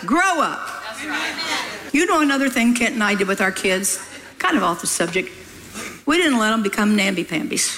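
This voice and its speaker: A woman's voice: medium pitch, very animated, normal speed, pauses often, background noise. An older woman preaching a sermon in a folksy, emphatic way, scolding her listeners with humor.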